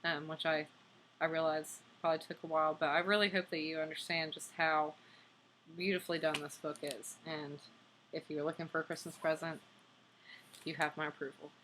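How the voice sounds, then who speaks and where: A woman's voice: low voice, flat delivery, brisk, a bit bright, slight background noise. A young woman casually reviewing and reading a picture book aloud, enthusiastic and chatty with plenty of fillers.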